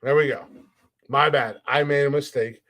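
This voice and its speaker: Casual and self-mocking, a US podcast host jokes around on his comedy show. He speaks at normal speed in a steady, medium-pitched voice with a fairly bright tone.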